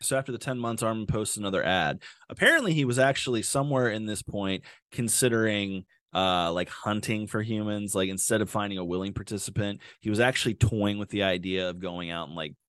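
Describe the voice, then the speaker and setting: A man's voice: fairly low pitch, fairly quick, hardly any pauses, fairly bright tone, dry recording, clean studio sound. A man hosting a comedic true-crime podcast, rambling and joking with lots of filler and swearing. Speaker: podcast host.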